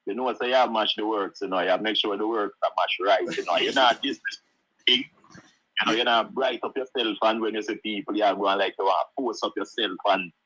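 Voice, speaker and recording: A man's voice: lowish voice, a little fast, a bit bright, breathy edge, poor audio. A middle-aged Jamaican man telling stories in casual chat, laughing often and saying "you know" at every turn.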